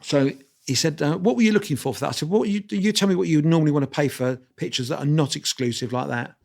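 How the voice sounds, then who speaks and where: Animated older storyteller, man. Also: on the high side, fast talker, gravelly. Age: 60s. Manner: animated anecdotes with quoted voices and restarts. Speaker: guest photographer. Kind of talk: storytelling interview.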